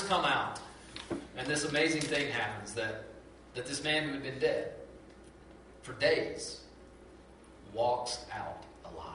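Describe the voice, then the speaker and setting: A male pastor preaches in a storytelling way, stumbling over words and acting out the lines of people in the story. His voice is slightly high and bright. He is caught from a distance, with a strong room echo and faint background noise. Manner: storytelling, acts out quoted voices with repeats and restarts. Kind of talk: sermon.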